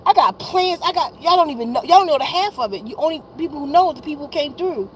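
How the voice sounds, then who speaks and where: A woman's voice: high voice, animated, fast talker, slight background noise, low-quality recording. Weary, blunt woman in her fifties. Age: 50s. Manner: blunt and profane, repeating herself; weary and exasperated. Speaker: wellness vlogger. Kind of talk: emotional venting to viewers.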